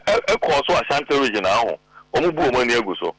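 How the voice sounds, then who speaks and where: Middle-aged Ghanaian man, political guest, insistent and emphatic, forceful tone. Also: medium pitch, big pitch swings, fast, no echo, rough recording. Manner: emphatic, mixes Twi and English. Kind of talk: animated political talk show.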